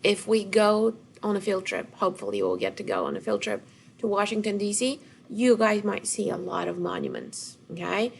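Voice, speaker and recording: A woman's voice: mid-range voice, animated, normal speed, creaky, a little hiss or hum. Patient woman teaching children. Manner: encouraging, patient, speaks directly to students. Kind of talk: recorded classroom lesson for children.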